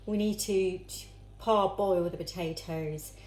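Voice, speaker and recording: A woman with a lowish, slightly mellow voice talks slowly as she cuts vegetables at home, casually chatting to herself and her viewers for a cooking vlog. The kitchen is echoey, with clattering pans and slight background noise.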